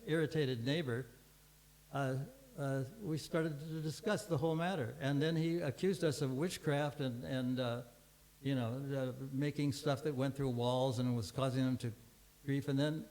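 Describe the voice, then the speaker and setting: A man's voice: mid-range voice, a little mellow, rough recording. An older man giving a scripture class, telling a long story in a rambling way with many restarts and fillers.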